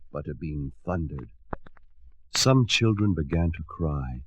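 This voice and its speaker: A man reading a children's storybook aloud with expressive, dramatic narration. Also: sits low, measured pace, dry recording.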